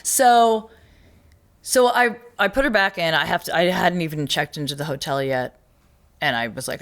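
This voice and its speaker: A woman hosting a podcast, telling a personal story in casual conversation, animated and often laughing as she acts out what others said. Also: on the low side, normal speed. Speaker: podcast host.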